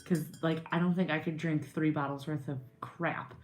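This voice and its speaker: A woman's voice: sits low, fairly even intonation, normal speed. A woman co-hosting a casual wine-tasting podcast, talking in a blunt, jokey way. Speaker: podcast co-host.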